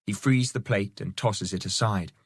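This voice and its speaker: A man reading a novel aloud as the audiobook narrator, in measured storytelling. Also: lowish voice, breathy edge, dry recording. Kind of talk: scripted narration.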